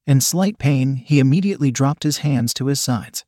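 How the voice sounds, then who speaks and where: A man narrating a scripted story in a measured, steady reading manner. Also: mid-range voice, no room sound, clean studio sound.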